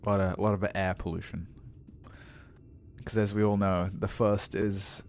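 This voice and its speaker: A man's voice: fairly low pitch, little pitch movement, moderate pace, a little mellow, a little hiss or hum. A young man streaming a game, chatting casually, swearing, laughing and stumbling over words. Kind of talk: live game stream chat. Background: faint game music.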